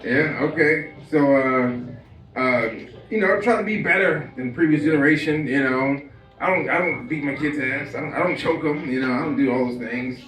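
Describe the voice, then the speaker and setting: A man's voice: mid-range voice, normal speed, a bit bright, faint music behind. A young man rambles through a stand-up set, his talk loose and full of fillers, with his own laughs breaking in. His voice sits in a middle range, and the sound is roomy and distant, as if captured from the back of a small club. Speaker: stand-up comic. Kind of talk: stand-up comedy at an open mic. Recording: echoey room, mic heard from a distance.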